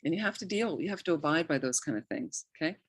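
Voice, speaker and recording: Low-voiced woman giving a talk. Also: animated, fast talker, slightly rough, no echo. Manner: conversational, anecdotal, many restarts and quoted asides. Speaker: Buddhist nun teaching. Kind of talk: informal dharma talk.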